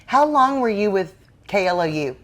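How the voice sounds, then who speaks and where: A woman hosting a talk show, chatty and quick to laugh while she interviews a guest. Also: medium pitch, very animated, fairly bright tone. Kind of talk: casual interview.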